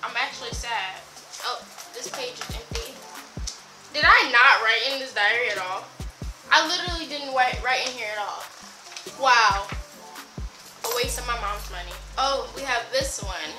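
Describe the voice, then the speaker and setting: A teenage girl chats through her old diaries in a bright, high voice, gasping and giggling between entries. She sounds like she is in an echoey bedroom. Loud background music plays under her voice. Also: expressive, moderate pace, long pauses. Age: teens. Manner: chatty and giggly, reacting with gasps and exclamations. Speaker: vlogger. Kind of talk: casual vlog, reading old diaries aloud.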